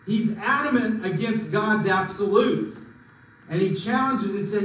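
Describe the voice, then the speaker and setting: A man preaching in a fairly high voice, pressing his points with sudden rises and drops. He is heard from a distance in a very echoey hall, with a faint hum of room ambience behind him. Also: moderate pace. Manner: emphatic preaching with sudden swings in pitch and volume. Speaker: pastor. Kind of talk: sermon.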